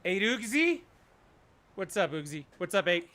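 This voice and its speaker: A man's voice: sits high, very animated, a little slow. A middle-aged man chatting casually while streaming a video game with viewers. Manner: chatty, talks to his dog in a soft coaxing voice. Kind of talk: casual live-stream chat.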